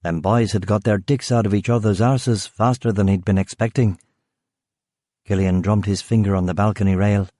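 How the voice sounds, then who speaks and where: A man reads a crime thriller in a measured, unhurried way. His voice sits low and mellow, with a dark tone. The recording is close and dry, with no room sound. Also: steady tone, no echo. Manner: measured, dry delivery, voicing characters. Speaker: audiobook narrator. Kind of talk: scripted narration.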